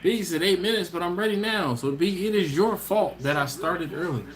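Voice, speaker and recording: Easygoing guy chatting on his live stream, laughs a lot, kinda higher voice. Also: moderate pace. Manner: laid-back and chatty, laughs often, trails off and restarts. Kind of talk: casual live-stream chat, reading viewer comments.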